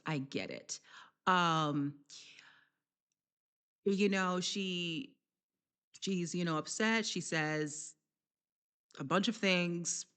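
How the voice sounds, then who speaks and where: A woman giving a casual, chatty wrestling recap vlog, laughing often and filling pauses with slang and ums. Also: on the low side, fairly bright tone.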